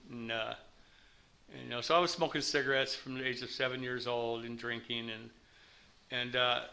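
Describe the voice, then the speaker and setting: A man's voice: mid-range voice, vocal fry, pushed and bright. Candid man telling his story. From United States. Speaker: speaker at a recovery meeting. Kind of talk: personal recovery testimony.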